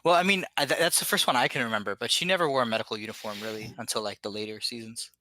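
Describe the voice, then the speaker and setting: A man's voice: medium pitch, racing, sharp tone, dry recording. A man in casual group chat, making wry comments and sharing trivia. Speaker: watch-along co-host.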